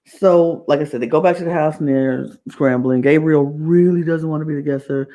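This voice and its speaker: A woman's voice: deep voice, steady tone, moderate pace, warm tone. A woman hosting a podcast, recapping a reality show in a casual, rambling way and often repeating herself. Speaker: podcast host.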